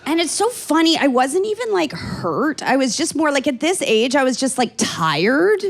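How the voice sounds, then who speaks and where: A woman's voice: high-pitched, sing-song, moderate pace, creaky, some chatter behind. A woman in her forties from Canada doing stand-up comedy into a handheld stage microphone, chatty and rambling with dry self-mocking asides. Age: 40s.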